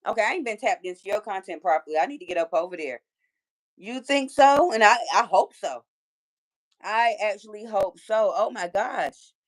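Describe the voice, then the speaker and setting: A woman's voice: mid-range voice, lively intonation, normal speed. A woman in her forties with a Detroit accent, hosting a casual livestream and chatting with viewers and reading their comments, playful and full of trash talk. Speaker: livestream host.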